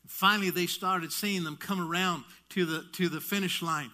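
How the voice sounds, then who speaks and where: A man preaching a sermon, telling a story in an animated way with frequent restarts and touches of humor. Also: sits high, normal speed, few pauses.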